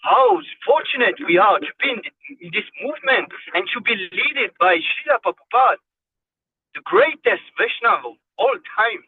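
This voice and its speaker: A man's voice: very high-pitched, sing-song, normal speed, breathy edge. A man giving a devotional class, fervent and exhorting, repeating phrases for emphasis. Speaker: spiritual class speaker. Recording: tinny phone-like line, dry.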